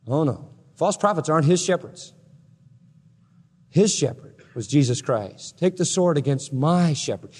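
A man preaching a sermon in a fairly high voice, and his words ring out with a long reverb. He swings dramatically between loud proclamation and hushed, quiet emphasis as he explains scripture. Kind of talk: expository sermon.

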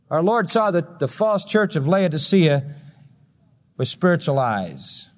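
High-voiced man preaching in a hall. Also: sing-song, measured pace, pauses often. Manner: emphatic, rising and falling preaching delivery. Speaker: pastor. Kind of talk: sermon. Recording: long reverb of a hall.

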